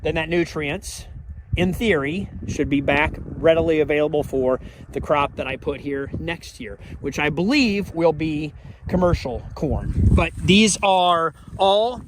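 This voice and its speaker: A man's voice: fairly high pitch, unhurried, noisy background. A middle-aged man, a farmer, chatting casually outdoors in his fields, explaining his work as he goes and drifting off topic. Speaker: farmer vlogger. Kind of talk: casual outdoor farm vlog.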